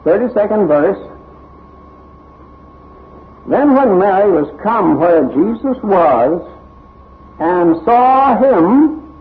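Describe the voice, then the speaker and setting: A male preacher delivers a sermon at a slow, deliberate pace, reading scripture with dramatic emphasis. His fairly high voice rises and falls widely. The recording is thin and tinny, like a phone line. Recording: tinny narrow-band recording.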